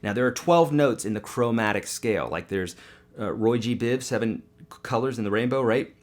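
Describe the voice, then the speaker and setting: A man teaching guitar on a live webcast, upbeat and quick, singing note names now and then, with his morning voice. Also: mid-range voice.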